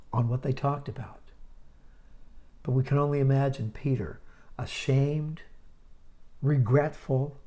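A man with a mellow, rounded voice retells a Bible story for a podcast. He tells it dramatically, pushing certain lines out loudly and then dropping to hushed asides. His pitch sits in an ordinary middle range. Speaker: Bible teacher.

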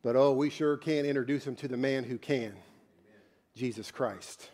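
A man's voice: mid-range voice, steady tone, moderate pace, a little mellow. A man preaching as a pastor in a church, conversational and joking, with blunt asides to the congregation. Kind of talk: sermon.

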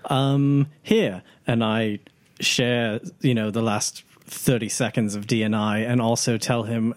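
A man's voice: medium pitch, steady tone, unhurried. A man playing a tabletop game, talking casually with some hesitation. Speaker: player.

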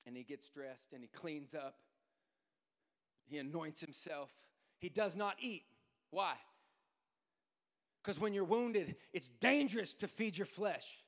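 A man preaching a sermon as pastor, going from quiet storytelling to shouted, sing-song preaching. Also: a little high, expressive, slow pace, pauses often, big-room sound. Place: church sanctuary.

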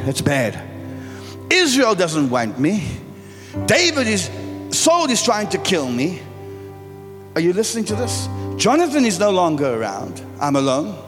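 Middle-aged male preacher, bright high voice that swings all over, playful with the crowd, recorded in a big echoing hall. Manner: joking and animated, quizzing the congregation. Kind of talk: sermon. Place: large church hall. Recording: church hall reverb with faint music.

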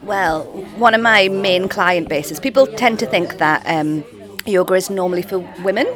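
A woman's voice: medium pitch, moderate pace, crowd noise. A woman from a yoga studio, answering interview questions in a friendly way with fillers. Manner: friendly, explains at length with fillers. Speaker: yoga studio owner, podcast guest.

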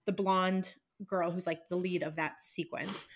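A young woman in casual podcast conversation with a slightly low voice. She talks in a measured, reflective way and works through her thoughts aloud. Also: flat delivery. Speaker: podcast co-host. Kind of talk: casual chat.

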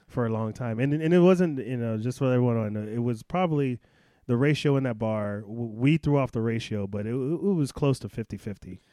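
A man spins a bar story in loose podcast banter, lively and quick to laugh, slipping into the voices of the people he met. His voice sits in a middling register and is caught up close on a dry mic with no room sound. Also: mid-range voice, dry recording. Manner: animated, laughs often, acts out quoted voices. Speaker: podcast co-host telling a travel story. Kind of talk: casual storytelling chat.

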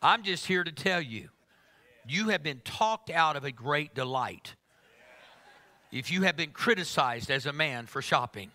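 A man's voice: on the high side, expressive, a little slow, bright, forceful tone. A middle-aged man preaching a sermon to a congregation, emphatic and humorous, teasing his listeners.

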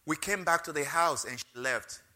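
Male pastor, sermon with testimony; high and piercing, emotional, punches key phrases. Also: moderate pace. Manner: emotional storytelling, rising loud on key phrases.

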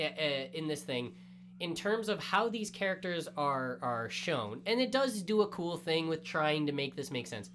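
A man co-hosting a casual anime review chat, talking in animated bursts with quick asides. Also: fairly high pitch, a little hiss or hum. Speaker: podcast co-host.

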